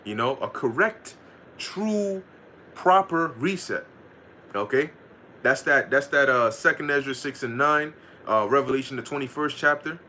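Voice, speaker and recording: A man giving a casual scripture lesson, reading verses slowly and commenting in loose, profane talk with frequent laughter. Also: mid-range voice, animated, bright, forceful tone, a little hiss or hum. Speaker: Bible teacher.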